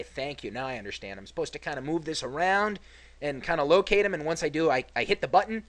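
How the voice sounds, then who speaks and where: A man's voice: fairly high pitch, lively intonation, fast talker, fairly bright tone. A man commentating his gameplay casually, sarcastic and grumbling, swearing freely.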